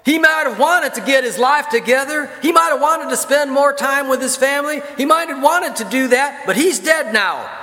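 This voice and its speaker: A man voicing a fiery country preacher who shouts urgent warnings from the pulpit. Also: extremely high pitch, moderate pace, hardly any pauses, pitched above the performer's own voice. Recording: long reverb of a church hall.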